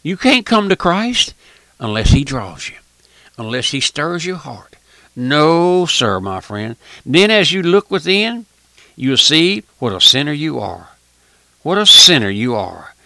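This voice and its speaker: A man preaching an impassioned radio sermon, folksy and repetitive, swinging from shouted warnings to hushed asides. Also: a little high, sing-song, unhurried, vocal fry, no room sound.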